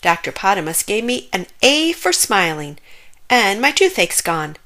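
A woman voicing a mischievous little boy monkey in a storybook reading, with a high, cheeky voice. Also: sing-song, measured pace, bright, forceful tone. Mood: cheerful.

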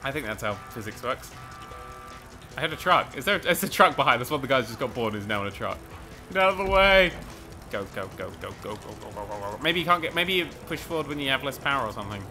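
A man commentating a video game race, excitable and sweary, rambling and mocking himself, a little out of breath. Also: medium pitch, fast, faint music behind. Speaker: gaming commentator. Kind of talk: let's play commentary.

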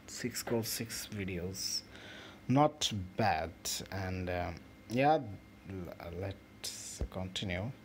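A man hosting a mobile football game channel, giving casual, excitable commentary with swearing and halting restarts over his own play. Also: low voice. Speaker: gaming channel host. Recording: noisy home recording.

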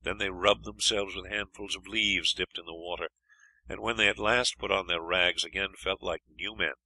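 A man narrating an adventure audiobook in a steady, even storytelling manner. His voice sits low and gravelly with a bright, forceful edge, and the recording is dry and close. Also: normal speed, no room sound, rough recording. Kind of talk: scripted narration.

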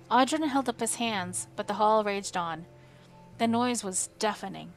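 A woman reads a fantasy novel aloud for her live stream, measured and dramatic. Faint music plays quietly behind her voice. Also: medium pitch. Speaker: audiobook reader on a live stream. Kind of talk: audiobook narration. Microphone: home streaming microphone.

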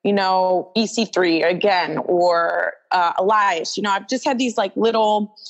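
A young woman talks through a backstage story as an interview guest. She is lively and casual and slips into the voices of the people she quotes. Her "like" fillers run all through it, and her pitch sits mid-range for a woman. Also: a little slow, low-quality recording. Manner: animated, acts out quoted dialogue, many "like" fillers. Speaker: guest, wrestler.

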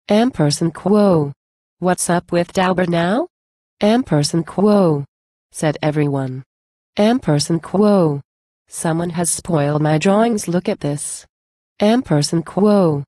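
A woman reciting a long narrative poem in a scripted, even delivery, reading stray symbols aloud as words. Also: lowish voice, dry recording, studio quality. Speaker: poetry reader.

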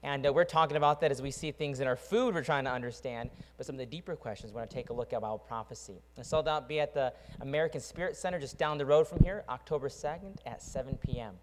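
A man, a pastor, making church announcements and leading a closing prayer in a brisk, upbeat way. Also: medium pitch. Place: church hall. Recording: reverberant church hall.

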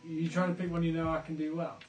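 Chatty, jokey quiz host. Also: male voice, on the high side, level tone, fast, echoey room, faint music behind. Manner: chatty, jokey, goes off on tangents. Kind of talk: live online pub quiz hosting.

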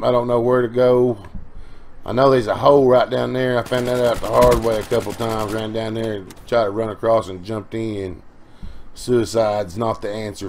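A middle-aged man talks over his gameplay in a lowish voice, sounding tired from no sleep. He rambles in a folksy way, swears freely, and breaks into quick outbursts. Faint noise sits under the recording. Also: a little mellow. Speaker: gaming channel host.

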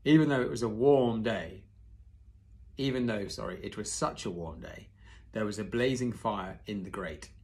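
A man reading a children's novel aloud in a steady storytelling manner, now and then correcting his own slips. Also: on the low side, normal speed. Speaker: reader.

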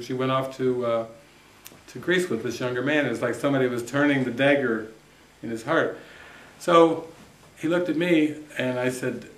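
Man telling a laughing anecdote in an echoey room. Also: mid-range voice. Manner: animated anecdote, often laughing and acting out quotes. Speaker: spiritual teacher. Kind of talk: storytelling to a retreat group. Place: retreat center room.

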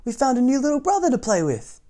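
A man's voice: high voice, wildly swooping pitch, moderate pace, dark tone, pitched above the performer's own voice, heavily acted. A man voicing a group of friendly, playful young swans in a storybook reading, with an eager, inviting way of talking. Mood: excited.

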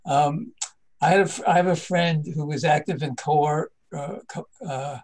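A man who has been listening joins the panel talk, speaking haltingly with many pauses and fillers. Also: fairly high pitch, darkish tone, low-quality recording. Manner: hesitant, many ums and uhs. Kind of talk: panel discussion.

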